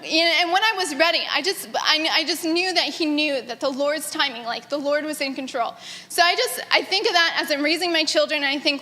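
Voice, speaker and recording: A woman in her thirties gives a personal testimony, her voice high and sharply bright. She talks earnestly and with animation, often laughing. The long reverb of a large hall trails every phrase. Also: normal speed. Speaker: granddaughter sharing memories. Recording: echoey hall.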